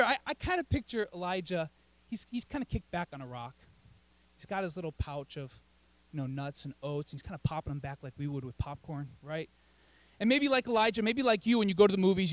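A man giving a conversational sermon as pastor, animated, often checking in with "right?". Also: sits high, no echo, low-quality recording.

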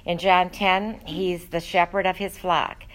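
A woman's voice: on the low side, flat delivery, unhurried, poor audio. A woman teaching a Bible study, talking in an earnest, conversational way with frequent ums and uhs.

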